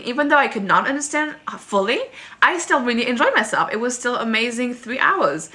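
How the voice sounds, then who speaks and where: A young woman vlogging at home, telling a story in a rambling, animated way full of fillers. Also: a little high, a little fast. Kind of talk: casual storytime chat to camera. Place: at home, moving between rooms.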